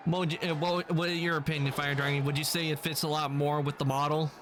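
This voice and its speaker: A man livestreaming, chatting casually with his viewers in a slightly high, monotone voice. He rambles and corrects himself often. A faint hiss sits under his voice. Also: fast.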